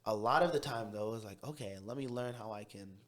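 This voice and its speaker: A young man from Tacoma, a podcast guest telling his story in a quick, brash, animated way. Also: lowish voice. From Tacoma, Washington. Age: young adult. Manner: fast, brash city talker who speeds up when excited. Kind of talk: casual storytelling interview.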